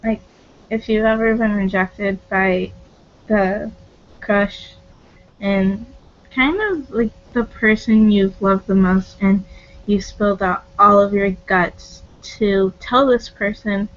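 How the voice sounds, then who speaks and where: A woman vlogger speaking in a halting, heartfelt confessional monologue, close to tears, with many hesitant pauses. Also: medium pitch, steady tone, lo-fi sound. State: tearful, on the verge of crying.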